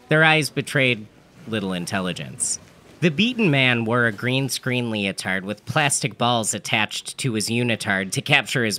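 A man's voice: medium pitch, pushed and bright. A man telling an absurd comedic story in a dry, matter-of-fact manner. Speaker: narrator.

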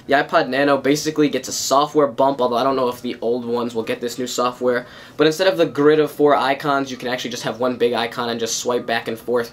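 A man with a raspy, hoarse voice from a cold, giving a relaxed, casual recap of tech news to his viewers. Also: mid-range voice, slight background noise. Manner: relaxed, explanatory, addresses viewers as guys. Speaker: tech video host.

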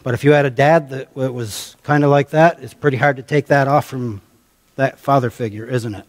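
A man's voice: medium pitch, steady tone, brisk. A male pastor with an American accent preaching a sermon, conversational, calling on the congregation and repeating phrases for emphasis. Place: church sanctuary. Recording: long reverb of a church hall.

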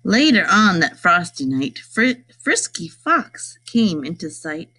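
A woman reading a rhyming picture book aloud, in a lively sing-song way. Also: fairly low pitch, takes it slowly. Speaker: storybook reader.

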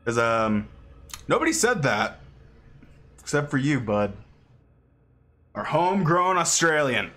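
A man streaming a game from home, chatting casually and sarcastically with his chat, sometimes jumping into high yelps. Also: very animated, slow, pauses often, a bit bright. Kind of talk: casual livestream chat while gaming.

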